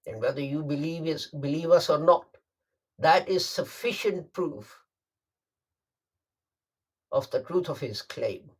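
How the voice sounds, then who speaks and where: A man delivering a Friday sermon, emphatic and deliberate, repeating phrases for stress. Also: a little high, husky. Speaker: preacher.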